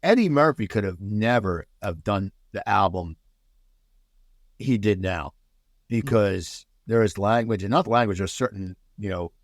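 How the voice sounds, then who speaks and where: An American man, a podcast guest, chatting casually and telling animated stories full of restarts. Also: on the low side, measured pace, no room sound, studio quality. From United States. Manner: animated storyteller, many restarts.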